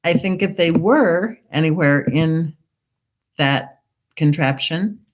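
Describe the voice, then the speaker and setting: Slow-talking woman hosting a livestream. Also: deep voice. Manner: eats while talking, reads chat messages aloud; skeptical, questioning. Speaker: true crime channel host. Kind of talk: casual livestream chat, reading viewer comments.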